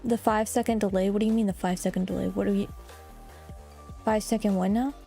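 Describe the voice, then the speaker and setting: A young woman streamer in casual live-stream chat, excitable and chatty, swearing and teasing her viewers. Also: medium pitch, brisk, vocal fry, faint music behind.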